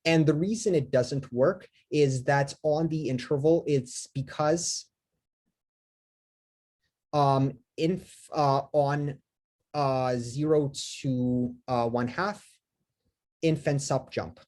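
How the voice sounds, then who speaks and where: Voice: medium pitch, slow pace, pauses often, darkish tone. A lecturer giving a live math lecture, talking with many fillers, restarts and self-corrections, and asking the class questions.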